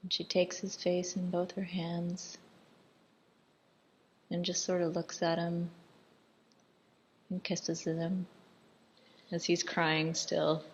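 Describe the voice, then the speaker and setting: A woman talks her way through a film in a loose, irreverent commentary, laughing at the scenes as they unfold. Her voice sits a little low and she speaks slowly, taking her time. The recording is dull and lo-fi. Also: completely flat delivery, slight background noise.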